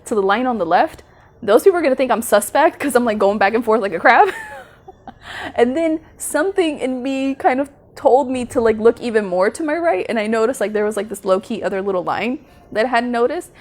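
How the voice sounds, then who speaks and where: Brief: woman vlogger, pitch a touch high, animated storyteller, frequent laughs and "like" fillers. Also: brisk. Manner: chatty, animated, laughs often mid-sentence; heavy use of "like" and "you know" as fillers. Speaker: vlogger on manifesting. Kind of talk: casual storytelling to camera.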